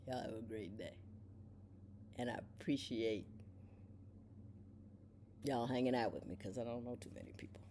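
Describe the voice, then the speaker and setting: A woman's voice: normal speed, long pauses, slight background noise. A middle-aged woman, a television judge, telling a casual story at home and acting out the people she quotes. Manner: animated storyteller, voices quoted people with big pitch jumps. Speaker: television judge turned podcaster.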